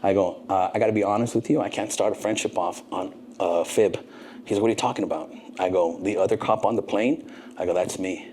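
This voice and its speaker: A middle-aged man, a podcast guest, telling a long story with lively, profane energy and acting out both sides of the dialogue. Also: low-pitched, fast, slight background noise. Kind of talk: animated storytelling.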